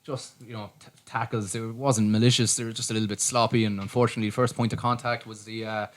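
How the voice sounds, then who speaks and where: An Irish man co-hosting a podcast, chatting casually about sport with quick restarts and easy laughs. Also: fairly low pitch, level tone. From Ireland. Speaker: podcast co-host.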